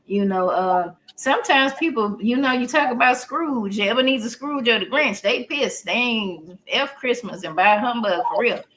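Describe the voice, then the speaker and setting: A woman's voice: on the high side, moderate pace, few pauses, a crowd in the background. A woman therapist talking casually on a podcast, explaining things in an earthy, joking way.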